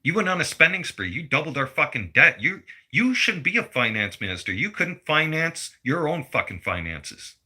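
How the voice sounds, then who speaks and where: A man's voice: a little high, very animated, normal speed, few pauses, pushed and bright, slightly rough. A man, delivering a blunt, heated political rant full of swearing. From Canada. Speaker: vlogger.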